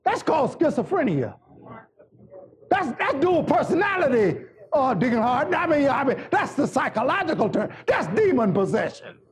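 Fervent preacher man, shouts and jokes with the church, voice leaps all over. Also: very high voice, sing-song, normal speed. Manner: fervent, shouting, joking with the congregation. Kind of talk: sermon.

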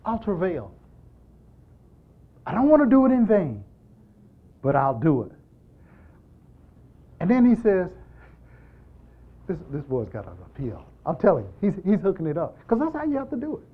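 A man preaching a sermon in an animated, emphatic style, repeating lines and moving between loud and hushed delivery. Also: sits high, moderate pace, long pauses, breathy edge, phone-quality sound. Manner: repetitive, emphatic call-and-response delivery.

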